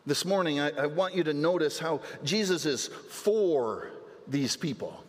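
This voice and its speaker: A man delivering a sermon as pastor, in a voice pitched somewhat high for a man. He talks earnestly and often doubles a word as he restarts a phrase. His voice rings with the long reverb of a large church hall. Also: animated, a little slow. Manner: earnest preaching with repeated words and restarts. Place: church sanctuary.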